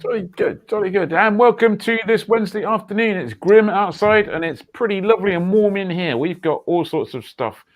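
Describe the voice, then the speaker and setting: A man's voice: high voice, normal speed, few pauses, faint music behind. A man hosting a casual livestream chat over a video call, rambling with fillers and restarts. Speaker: host.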